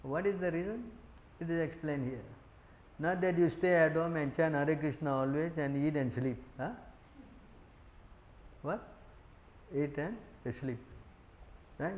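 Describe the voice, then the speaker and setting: A man's voice: a little high, unhurried, long pauses, a little mellow. Man preaching in an echoey room. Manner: asks the audience questions, laughs, acts out quotes. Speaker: preacher giving a scripture class. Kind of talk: sermon.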